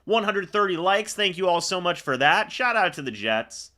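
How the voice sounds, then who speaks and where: A young man hosting a live fan reaction stream, calling the plays as he watches and getting excitable on big moments. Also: high-pitched, moderate pace, few pauses. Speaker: fan livestream host.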